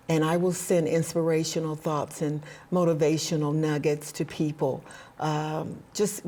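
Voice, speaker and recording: Low-voiced earnest woman guest. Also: darkish tone. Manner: earnest and faith-filled, with frequent "uh" pauses. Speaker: interview guest. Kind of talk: heartfelt conversational interview.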